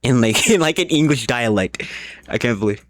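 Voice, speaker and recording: A man livestreams a game, slightly drunk, rambling casually as he plays, frequently restarting sentences and cursing. His mid-range voice is animated, at normal speed, with no echo.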